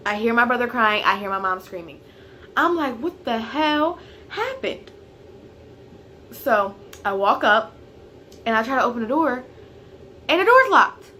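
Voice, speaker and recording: A woman telling a personal story in a casual vlog, chatty and full of fillers, turning loud and heated at the tense parts. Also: a little high, expressive, normal speed, a little hiss or hum. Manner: grows loud and heated when retelling the fight. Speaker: vlogger.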